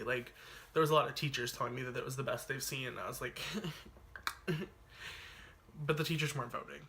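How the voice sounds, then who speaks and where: A man's voice: medium pitch, sharp tone, slight background noise. A man telling a personal story on his vlog in a chatty, dramatic way, full of "like" and asides. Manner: chatty, dramatic retelling peppered with "like". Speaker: YouTuber.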